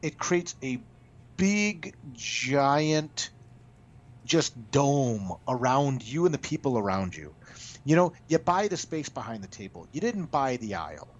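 Unhurried but very animated, a man with a medium-pitched voice tells stories as a comic book writer in a casual interview, often restarting and stammering through repeats. The audio comes across dull and lo-fi.

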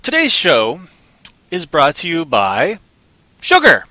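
Goofy rambling man, bright dry voice. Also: fairly high pitch, animated, moderate pace, no echo. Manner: rambling, goofy, random tangents. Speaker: stream co-host. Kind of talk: silly improvised storytelling on a livestream.

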